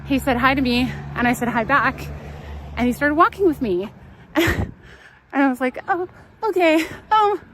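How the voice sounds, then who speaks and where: A young Californian travel vlogger with a high, fairly bright voice talks fairly quickly on a live stream as she walks down a town street. She chats, tells stories, laughs often, and reads out chat messages. The recording is rough, with traffic and street noise all around.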